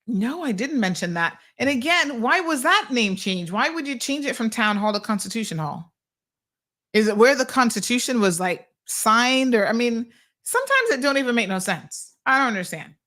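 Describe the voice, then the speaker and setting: Reading out listener comments and sharing stories, the Caymanian host of a call-in show chats in a rambling, exasperated manner. Her voice is fairly high and bright, very animated, at a normal pace.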